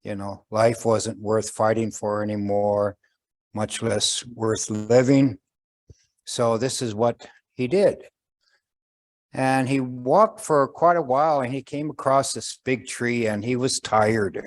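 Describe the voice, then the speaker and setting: Older male storyteller, unhurried, gentle, pauses and fillers, folk tale delivery. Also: mid-range voice, fairly even intonation. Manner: slow, gentle, pausing with fillers, voices characters. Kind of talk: traditional oral storytelling.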